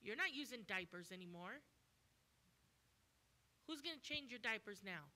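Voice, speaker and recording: A woman's voice: a little high, expressive, moderate pace, sharp tone. A woman guest preacher delivering a sermon with emphatic, repetitive exhortation.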